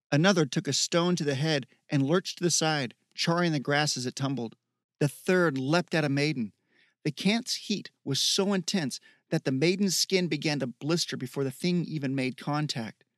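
A man reads fantasy prose aloud in a steady, measured way. His voice sits a little higher than most men's, and the recording is dry and close. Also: no echo. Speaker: narrator. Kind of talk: audiobook narration.

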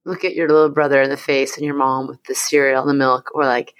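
Woman host, deep voice, effusive, rambling, many fillers. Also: level tone, fast talker, dry recording. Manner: warmly effusive, gushing praise, rambling with fillers. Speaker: podcast host. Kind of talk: casual interview chat.

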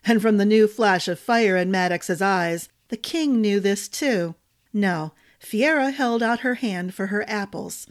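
Woman storyteller, measured fantasy-audiobook narration, mid-pitched voice.

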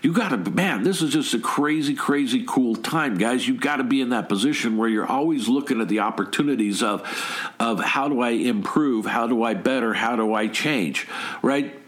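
A man's voice: medium pitch, normal speed, fairly bright tone. A middle-aged man giving a motivational talk, emphatic, firing rhetorical questions and often repeating or restarting words. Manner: frequent word repeats and restarts. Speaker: motivational speaker.

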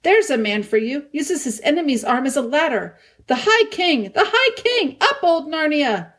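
A woman voicing an excitable dwarf who cheers in loud bursts. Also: high-pitched, moderate pace, pitched above the performer's own voice, lightly acted. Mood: elated. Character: gruff dwarf Trumpkin, excitable.

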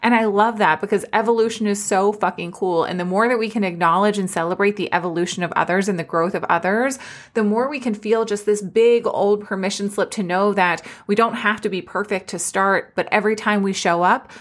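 A woman's voice: mid-range voice, moderate pace. A woman hosting a motivational podcast, talking in an upbeat, encouraging pep-talk manner with casual swearing. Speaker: podcast host and business coach.

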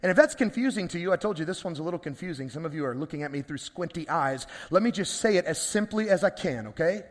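A man's voice: on the high side, expressive, quick pace. A man preaching a sermon as pastor, talking conversationally to his congregation and asking rhetorical questions. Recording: long reverb of a large hall.

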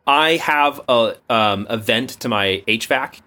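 Bright-voiced American man, enthusiastic. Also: medium pitch, slow. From United States. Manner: enthusiastic, jokey, rambling. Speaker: podcast co-host. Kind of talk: casual tech chat. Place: home office. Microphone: remote call mic.

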